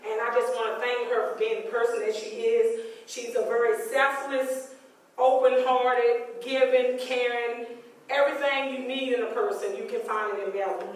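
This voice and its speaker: A woman giving a sincere, emotional birthday tribute, speaking with small halting pauses. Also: a little high, steady tone. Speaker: guest speaker. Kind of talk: heartfelt birthday tribute speech. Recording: echoey hall from far off. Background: music and crowd murmur.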